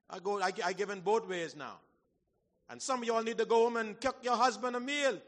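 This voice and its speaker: A man preaching a sermon in a church hall, folksy and animated, swinging from shouts to low asides. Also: a little fast. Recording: long hall reverb.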